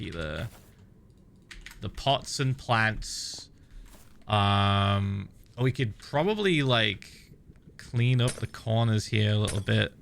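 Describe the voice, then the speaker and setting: A man's voice: fairly low pitch, vocal fry, pushed and bright, slight background noise. A British man streaming a game, humming little tunes while he plays and swearing freely as he chats. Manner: hums and scats while playing, swears freely. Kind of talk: casual gaming stream chat. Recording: background music under voice. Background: game music.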